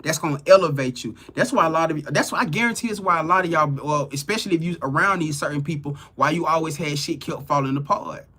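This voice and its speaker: A man's voice: fairly high pitch, fast, hardly any pauses, pushed and bright, slight background noise. A man reading tarot cards live for his viewers, talking loosely and animatedly with slang, repetition and swearing. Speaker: tarot reader on a live stream. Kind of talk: casual spiritual talk to viewers.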